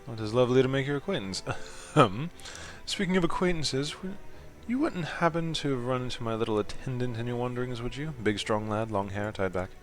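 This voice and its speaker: A man's voice: mid-range voice, expressive, brisk, soft background music, lightly acted. A pampered clingy noble lady, read by a man. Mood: fussy.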